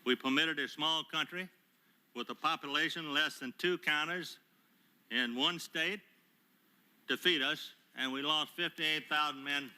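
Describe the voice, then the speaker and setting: An older man, a retired admiral, giving prepared testimony at a hearing in a formal, measured way with frequent hesitant pauses, speaking into a table microphone. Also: a little high, bright, forceful tone. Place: hearing room.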